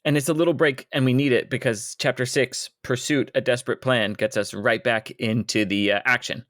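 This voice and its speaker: A man hosting a podcast who talks about a book in casual chat, relaxed and dropping dry joking asides. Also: mid-range voice, brisk, no echo. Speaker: podcast host.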